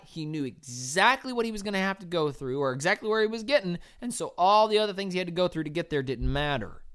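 Earnest woman preaching an encouraging sermon. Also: low voice. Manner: earnest, encouraging, swings from loud cheering to soft and quiet.

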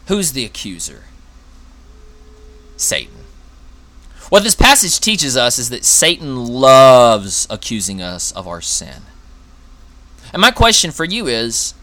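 A male preacher delivering a sermon in an earnest, conversational style. His pitch rises and falls a great deal as he poses rhetorical questions and acts out quotes. His voice is bright and forward.

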